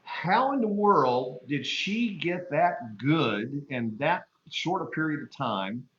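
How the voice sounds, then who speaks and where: A man's voice: on the high side, expressive, slow pace. A man hosting a live interview, asking casual questions and encouraging his guest. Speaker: host. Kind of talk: live video call interview. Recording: dull lo-fi sound in a roomy space.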